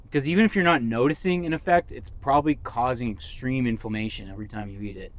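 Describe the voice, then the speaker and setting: A Massachusetts man co-hosts a casual podcast, rambling and joking with mock-dramatic outbursts. He has a mid-range voice and talks fast.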